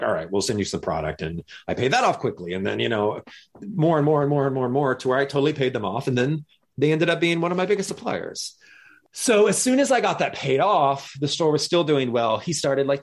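A man telling a story in casual conversation, acting out the lines of other people as he goes. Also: mid-range voice. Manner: animated, acts out other people's lines in jumpy voices. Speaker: guest.

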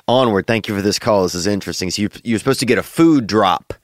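A man's voice: fairly low pitch, fast, no room sound, studio quality. A young man hosting a podcast in a drawling, slangy, joking manner. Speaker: podcast host. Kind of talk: casual comedic chat.

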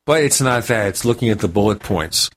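A man's voice: lowish voice, expressive, a little fast, fairly bright tone, soft background music. A man hosting a tech radio talk show, chatty and joking with his guest. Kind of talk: casual radio chat.

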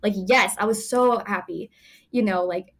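A woman's voice: medium pitch, measured pace. A woman in her twenties, an actress guest, telling stories in a chatty, laughing way full of fillers. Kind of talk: casual interview chat.

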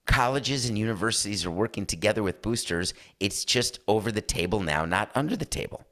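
Animated sarcastic male sports talk host. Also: on the low side, a little fast. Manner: animated, sarcastic, slips into mock voices. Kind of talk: opinionated sports talk monologue.

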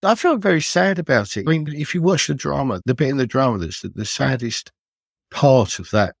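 An older man, a retired police detective, recounting his cases in an earnest, measured, reflective way as a guest on a podcast. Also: medium pitch, expressive, creaky, slightly rough, dry recording.

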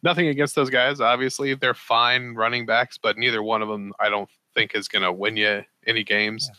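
A man co-hosting a fantasy football podcast, talking in a dry, low-key way. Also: flat delivery, normal speed, pushed and bright, no echo. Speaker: podcast co-host.

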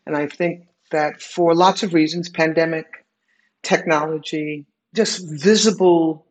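A woman's voice: deep voice, steady tone, unhurried, a little mellow. An older woman and retired executive, speaking as a guest in a candid interview, emphatic and reflective, often repeating her key phrases for weight.

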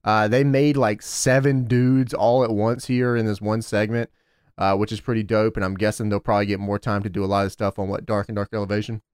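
A young man co-hosting a casual wrestling recap chat, excitable and quick to laugh, swearing casually. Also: fairly low pitch, smooth, dry recording, studio quality. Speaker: podcast co-host recapping wrestling.

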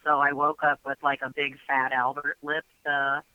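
A man's voice: on the high side, completely flat delivery, normal speed, phone-quality sound. A man telling a story casually as a guest, chatty and full of fillers.

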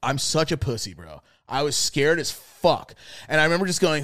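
Young male co-host, slightly high voice, animated profane storyteller who acts out the quotes. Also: moderate pace, no echo, clean studio sound. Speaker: podcast co-host. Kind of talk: casual storytelling chat.

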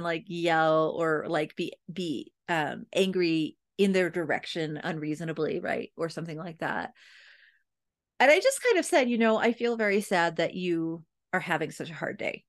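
A woman in her thirties, a podcast host and parenting coach, telling a personal parenting story in a candid, chatty way with many asides to her listeners. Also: on the low side. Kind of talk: casual storytelling monologue.

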